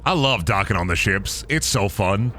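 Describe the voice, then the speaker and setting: Lively, bright-voiced man streaming a game. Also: fairly low pitch, moderate pace, slight background noise. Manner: joking, profane, talks to himself. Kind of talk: casual gameplay commentary.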